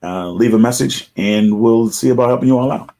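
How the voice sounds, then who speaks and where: A middle-aged man hosting a casual live talk, chatty and animated, sometimes mimicking callers in a raised voice. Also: medium pitch, takes it slowly. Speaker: host.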